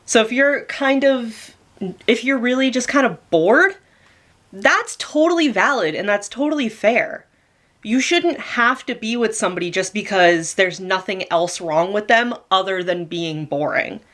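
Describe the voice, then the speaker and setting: Fast-talking emphatic young woman vlogger. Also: mid-range voice, animated, fairly bright tone. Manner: fast, emphatic, chatty with many fillers. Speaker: video creator. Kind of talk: casual advice vlog talking to camera.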